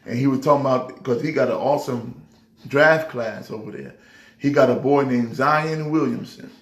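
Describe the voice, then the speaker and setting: A man's voice: mid-range voice, normal speed. A pastor hosting a casual sports vlog, talking emphatically and rambling through his trash talk. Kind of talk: casual sports chat to camera. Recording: echoey room.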